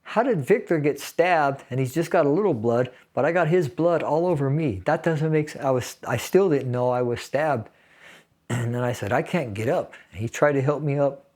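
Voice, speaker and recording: Older veteran, sixties, casual storyteller, mid-pitched, chuckles through dark memories. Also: male voice, moderate pace. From San Fernando Valley, California. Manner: casual, laughs while telling grim details. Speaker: interviewee, Navy veteran. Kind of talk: personal storytelling.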